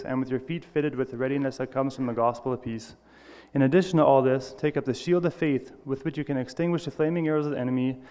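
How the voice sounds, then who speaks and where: A man's voice: mid-range voice, a little mellow, long reverb tail. A man giving an earnest, personal sermon, reading scripture and correcting small slips as he goes. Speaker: lay preacher.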